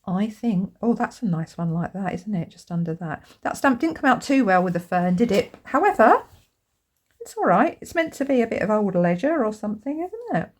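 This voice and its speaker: A woman hosting a crafting video, chatting casually to camera and getting excited over her materials, with lots of tag questions. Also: medium pitch, fairly quick, few pauses. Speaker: crafting channel host.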